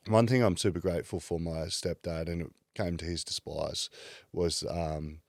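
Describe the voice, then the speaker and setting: Deep-voiced man, candid and casual. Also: fairly even intonation, normal speed, creaky, darkish tone, dry recording, clean studio sound. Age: 30s. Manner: casual, swears freely, many "like" fillers. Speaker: podcast guest. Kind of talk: candid personal storytelling.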